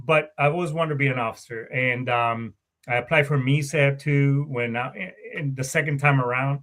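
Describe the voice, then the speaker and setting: A middle-aged Marine Corps veteran, a warrant officer, appears as a guest in a casual storytelling interview. His voice is mid-range with a fairly bright tone, and he rambles, swears often, and corrects himself mid-sentence.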